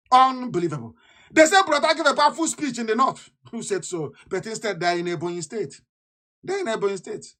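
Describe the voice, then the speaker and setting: Fiery man with a bright voice. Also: sits high. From Nigeria. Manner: fiery, repetitive, scornful, with shouted outbursts. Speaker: activist leader. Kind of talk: impassioned political broadcast.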